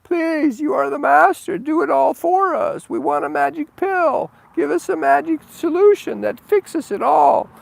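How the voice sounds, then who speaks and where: A man's voice: creaky, no echo, full character voice, poor audio. A man voicing a whiny crowd of followers who plead for someone to fix everything for them. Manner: high, pleading, drawn-out.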